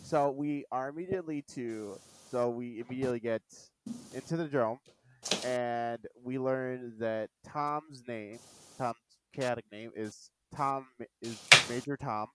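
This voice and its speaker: A man hosting a casual podcast over an online call, retelling cartoon scenes and quoting lines with animated energy. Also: medium pitch, measured pace, noisy background. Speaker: podcast host. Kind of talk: casual chat recapping a cartoon.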